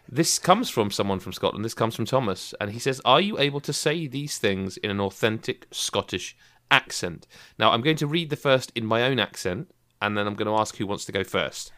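A man's voice: lowish voice, clean tone. A man hosting a casual podcast chat, teasing his co-hosts as he reads out listener questions. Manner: lively, teasing, leads the questions. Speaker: podcast host.

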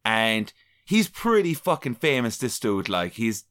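A young adult Irish man telling an embarrassing story on a podcast, animated and swearing freely. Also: mid-range voice, a little slow. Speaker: podcast co-host. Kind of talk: casual storytelling chat.

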